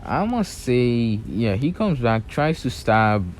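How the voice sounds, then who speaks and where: A man's voice: medium pitch, big pitch swings, slow pace, a little hiss or hum. A young man casually retelling a fan-made story in a loose, rambling way, full of fillers and restarts.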